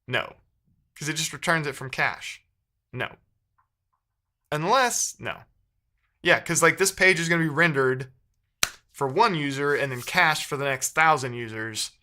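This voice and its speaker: A man's voice: a little high, unhurried, long pauses, pushed and bright. A man live-streaming while he codes, chatting casually with viewers and thinking aloud, often second-guessing himself mid-sentence.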